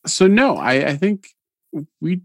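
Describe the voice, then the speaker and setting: A man's voice: on the high side, big pitch swings, slow pace, no room sound. A man co-hosting a podcast, chatting casually as he reviews and scores a TV episode. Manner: laid-back, conversational, gives scores. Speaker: podcast co-host.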